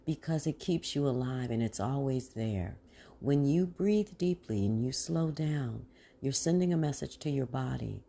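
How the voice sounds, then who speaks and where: A woman podcast host and mindfulness coach, guiding listeners through a slow breathing practice in a calm, unhurried way, with a casual "y'all" now and then. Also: a bass voice, slight background noise. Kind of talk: guided breathing meditation.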